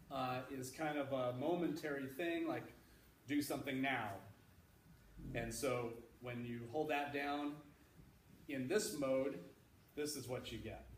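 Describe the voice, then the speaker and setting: A male electrical engineer with a mid-range voice visits a school library as a guest speaker, patiently walking a class of children through ideas in a relaxed way full of fillers and restarts. The echoey room is heard from a distance, with slight background noise.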